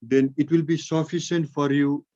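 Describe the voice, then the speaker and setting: A man with a Nepali accent teaching English grammar in an online class, dictating sentences slowly word by word. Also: on the high side, flat delivery, darkish tone, muffled recording.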